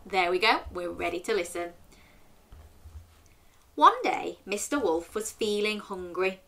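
A woman's voice: mid-range voice, unhurried, gravelly, slight background noise. A woman in her thirties hosting a children's story show, reading a picture book aloud and asking the young listener questions. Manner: animated, asks the listener questions and waits for answers.

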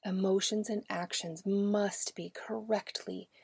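A woman's voice: mid-range voice, steady tone, takes it slowly, vocal fry, a little mellow, breathy edge, no room sound. A middle-aged woman hosting a parenting podcast, earnest and coaching, often dropping to a near whisper. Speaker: podcast host. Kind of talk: scripted podcast talk on parenting.

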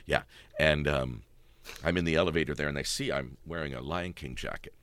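Middle-aged man, very deep and bright, animated raconteur. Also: brisk, no room sound. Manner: animated storyteller, laughing often. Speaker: stage actor telling anecdotes. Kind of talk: casual storytelling chat.

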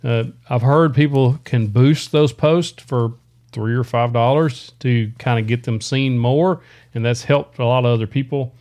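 A relaxed middle-aged man co-hosting a live stream. He reads out viewer questions in a plain, mid-pitched voice and answers them with easygoing, practical advice, chuckling now and then. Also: unhurried.

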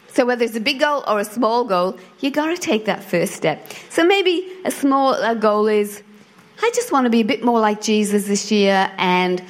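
A middle-aged woman preaching to a church congregation, chatty and animated as she tells a personal story. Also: mid-range voice. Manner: conversational, animated storytelling with acted quotes. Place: church hall before a congregation.

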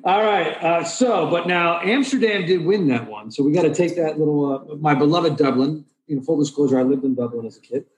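A man's voice: on the high side, fairly quick, hardly any pauses, echoey room, low-quality recording. A man hosting a casual chat with friends, running a game in a playful, joking emcee manner. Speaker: podcast host.

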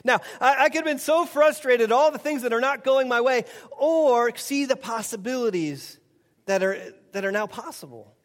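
A man's voice: very high-pitched, lively intonation, moderate pace, long reverb tail. A middle-aged man preaching a sermon, telling a personal story with chuckles and acted-out dialogue as a pastor.

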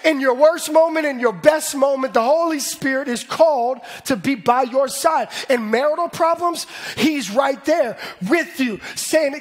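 A man in his thirties preaching a sermon in an animated way, building up to shouts. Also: extremely high pitch, measured pace, few pauses. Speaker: pastor.

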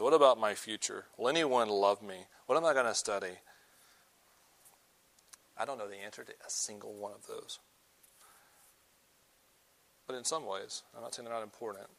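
A young man giving a sermon to students, earnest, moving between loud emphasis and soft, slow pleading. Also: on the low side, gravelly. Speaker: campus ministry speaker.

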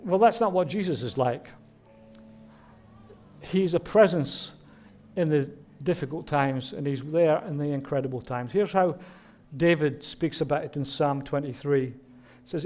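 A man's voice: fairly high pitch, measured pace, a little mellow. A man preaching a Christmas sermon, earnest and direct, often asking the listeners rhetorical questions. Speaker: pastor.

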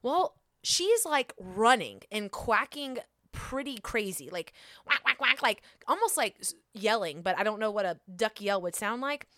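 A young adult woman hosting a podcast, telling a story in a casual, self-mocking, animated way. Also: medium pitch, measured pace, no echo, clean studio sound. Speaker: podcast host. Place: Atlanta.

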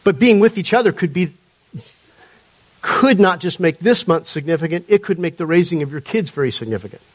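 A man preaches to a congregation in a high-pitched voice. He talks in a loose, joking, storytelling way. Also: animated, brisk. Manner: conversational, humorous storytelling. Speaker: pastor. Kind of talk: sermon. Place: church before a live congregation.

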